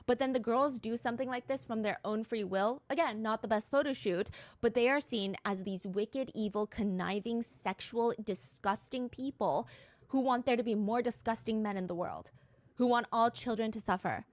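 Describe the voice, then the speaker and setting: A woman narrating a true-crime story in a brisk podcast style, quoting text messages as she goes. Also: fairly high pitch, dry recording.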